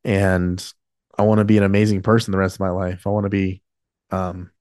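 A man's voice: low voice, little pitch movement, fairly quick, darkish tone, no room sound, studio quality. A man in his late twenties hosting a podcast, talking candidly in a rambling, casual way with many fillers and restarts. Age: 20s. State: emotional, choked up. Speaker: podcast host.

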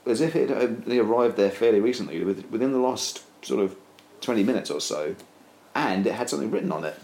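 Deep-voiced man rambling through a comic tale. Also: fast, gravelly. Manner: rambling, deadpan, many fillers. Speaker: storyteller. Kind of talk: casual comic storytelling. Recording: roomy echo, faint ambience.

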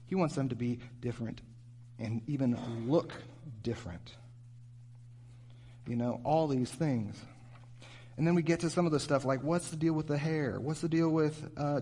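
A man, a youth pastor, giving an animated, conversational sermon and asking his listeners rhetorical questions. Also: on the high side, a little slow.

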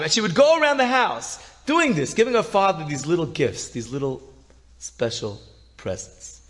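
A man telling a story, animated, swinging between loud emphasis and soft hushed lines. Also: a little high, moderate pace. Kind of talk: spoken storytelling.

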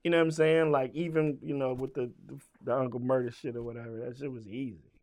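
This middle-aged man, a rapper from Richmond, Virginia, speaks fast in a steady, medium-pitched, darkish tone while guesting on an interview. His animated story is thick with profanity, and he plays both sides of each conversation.

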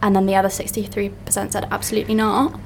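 A woman co-hosting a podcast in casual chat, enthusiastic and quick to agree and laugh. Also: mid-range voice, monotone, a little hiss or hum. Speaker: podcast co-host.

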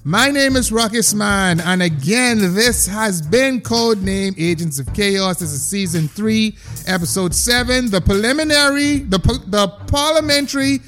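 A man's voice: high-pitched, animated, normal speed, a bit bright, faint music behind. A man hosting a casual podcast, stammering and repeating words as he goes. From Bahamas. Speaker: podcast host.

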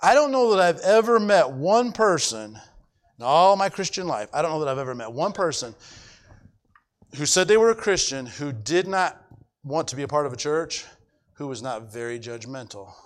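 A man's voice: a little high, big pitch swings, moderate pace. A middle-aged male pastor preaching a sermon emphatically, repeating his points and checking that the congregation follows. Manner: emphatic, repetitive, asks the congregation if they follow.

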